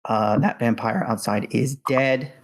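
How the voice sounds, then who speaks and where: A man narrating as game master of a tabletop horror game, calm and matter-of-fact with frequent fillers. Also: medium pitch, unhurried, low-quality recording.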